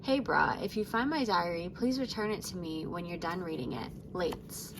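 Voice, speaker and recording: A woman voicing a laid-back teenage sea-monster surfer girl, reading her diary aloud softly. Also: lowish voice, lively intonation, moderate pace, noisy background. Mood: mellow.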